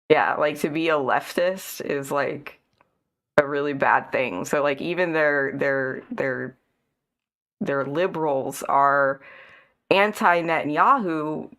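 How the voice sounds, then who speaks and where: A woman in a casual political chat, speaking in a measured way and thinking aloud with fillers. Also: sits low, fairly bright tone.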